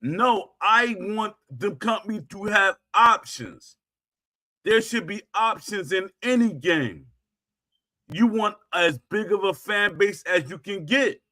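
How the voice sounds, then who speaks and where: A man with a high voice hosts his own livestream talk show. He rants casually and emphatically, hammering the same points over and over. He talks unhurriedly, with lots of restarts. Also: expressive, slow, sharp tone. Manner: emphatic and repetitive, circling back to points. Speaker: host of a gaming talk stream.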